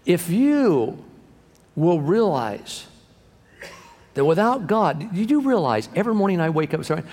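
A high-voiced male pastor preaching with animated energy, swinging from booming lines to hushed asides and acting out the people he quotes. His voice rings with the long echo of a large hall. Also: measured pace. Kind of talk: sermon.

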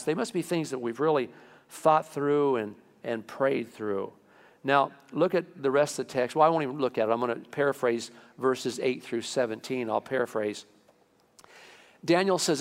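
A man preaching a sermon as pastor, animated, rising sharply in pitch to stress his points. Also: moderate pace. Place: church sanctuary. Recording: long reverb of a church hall.

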